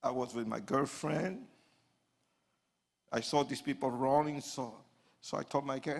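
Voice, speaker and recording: A man, an evangelist, telling his life story as a testimony sermon to an audience, with animated swings from hushed asides to loud outbursts. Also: mid-range voice, unhurried, gravelly, long pauses, husky.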